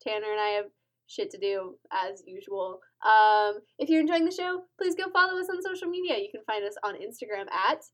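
A woman's voice: mid-range voice, animated, a little fast. A woman co-hosting a casual podcast, upbeat and teasing as she reads the outro. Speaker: podcast co-host.

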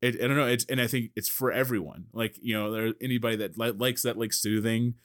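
A podcast host with a medium-pitched, slightly bright voice talks fast and steadily in a casual chat, rambling with many fillers and restarts and laughing often. The recording is dry with clean studio sound.

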